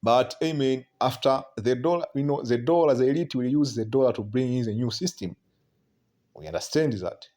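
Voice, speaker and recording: A man's voice: mid-range voice, a little mellow. Man preaching prophecy, repeating "man". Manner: keeps tagging lines with "man", halting repeats; reads scripture aloud between remarks.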